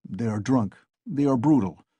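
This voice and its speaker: Brief: narrator as a tired father, flat and resigned, husky, dry close reading. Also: medium pitch, normal speed, no room sound, natural voice. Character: weary father calming his son.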